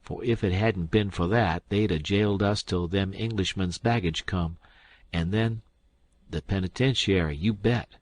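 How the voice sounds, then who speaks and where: A man voicing a sharp-tongued male swindler who talks briskly, sarcastically and forcefully, with a husky voice. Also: deep voice, no echo. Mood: scornful.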